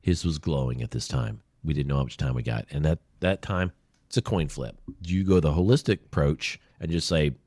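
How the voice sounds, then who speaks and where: A man's voice: very deep voice, brisk, darkish tone, no echo, studio quality. A man telling heartfelt stories as a guest in an interview, earnest and openly emotional. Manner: earnest, emotional, storytelling with quoted voices. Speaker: podcast guest, veteran advocate. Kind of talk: conversational storytelling interview. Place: small room.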